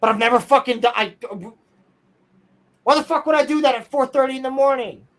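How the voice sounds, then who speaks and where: A young man telling a strange personal story in casual podcast chat, excitable, insistent and full of swearing. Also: very high-pitched, fairly quick, rough recording.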